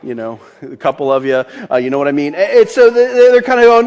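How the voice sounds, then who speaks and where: Fairly high in pitch with big swings, this man's voice is a little fast, a little mellow and smooth, with hardly any pauses. He's a Delaware-accented pastor in his forties giving a casual sermon, chatty and laughing often, with many restarts and fillers.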